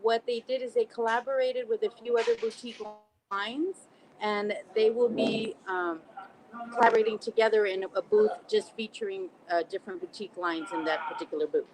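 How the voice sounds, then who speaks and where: A woman's voice: a little high, a little fast, low-quality recording. Woman guest, conversational, filler-heavy, faint noise floor. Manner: relaxed, frequent "um" fillers. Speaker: podcast guest, cigar brand rep. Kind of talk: casual podcast chat.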